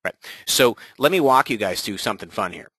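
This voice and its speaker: A man coaching real estate agents in a webinar, energetic and often checking in with "right?". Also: fairly low pitch, a little fast, breathy edge, dry recording, low-quality recording. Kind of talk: webinar presentation.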